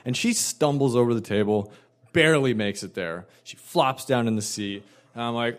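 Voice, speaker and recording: Guy telling a funny story about himself, animated and emphatic. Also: mid-range voice, normal speed. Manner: animated, emphatic, self-mocking. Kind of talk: personal storytelling.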